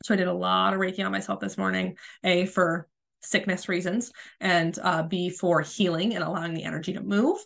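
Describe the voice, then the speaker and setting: A woman in her thirties hosting a spiritual coaching podcast, talking in a gentle, soothing, casual way while she has a cold. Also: on the low side, fairly even intonation, fairly quick, gravelly. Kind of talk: casual solo podcast talk.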